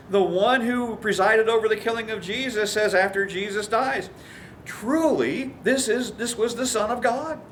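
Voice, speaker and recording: A man's voice: sits high, fairly bright tone, a little hiss or hum. A man preaching a sermon as a pastor, telling stories and acting out the quoted voices. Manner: storytelling, acts out quoted voices.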